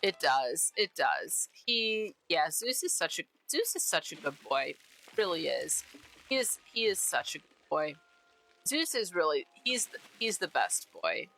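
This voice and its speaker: A woman's voice: fairly low pitch, big pitch swings, unhurried, pushed and bright, low-quality recording. A woman streamer chatting casually while she plays a game, bubbly and repeating herself often. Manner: bubbly, repeats herself, giggly silly name-calling.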